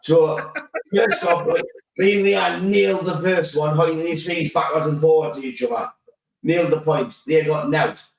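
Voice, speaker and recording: A man co-hosting a chatty football podcast. He tells his stories with animation, swears and laughs a lot. His voice sits a touch high, and it sounds roomy, as if caught from a distance. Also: moderate pace, vocal fry. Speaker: podcast co-host. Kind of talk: casual chat.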